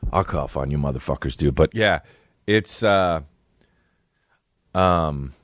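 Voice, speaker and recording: A man's voice: rumbling low, slow, dry recording, clean studio sound. A man hosting his own podcast, rambling and cursing casually through a monologue, slipping into mocking voices. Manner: profane, rambling, jumps into mocking put-on voices. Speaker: podcast host.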